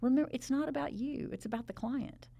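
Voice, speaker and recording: A middle-aged woman from Texas, a trial lawyer hosting an interview podcast and telling stories in a lively, laughing way. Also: high-pitched, fast, creaky. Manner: lively storyteller, laughs often. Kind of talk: casual interview chat.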